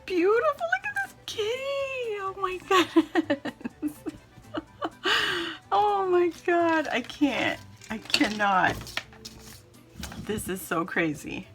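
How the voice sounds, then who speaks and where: A woman's voice: very high voice, sing-song, takes it slowly, soft background music. A woman hosting a craft channel, chatting casually through an unboxing and gushing with squealing exclamations.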